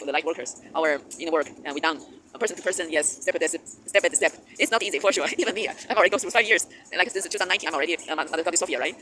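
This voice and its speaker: A man delivers a spiritual monologue at a very quick clip, stumbling through fillers and restarts and breaking into laughter often. His voice sits a little high for a man. A steady noise runs under the recording. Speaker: spiritual channel host. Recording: noisy background hiss.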